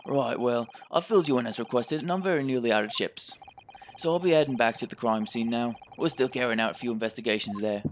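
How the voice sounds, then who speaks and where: A man's voice: mid-range voice, fast, slight background noise, close to an everyday voice. A man voicing a blunt, dismissive middle-aged police inspector in a put-on British accent while playing a game.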